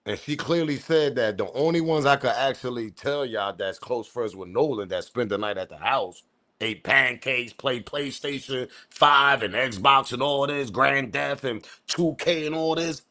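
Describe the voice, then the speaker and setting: A man's voice: mid-range voice, moderate pace, bright, forceful tone. A man from the US East Coast with his accent, hosting a casual live-stream commentary with slangy, loose talk and chuckling asides to his chat. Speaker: commentary channel host.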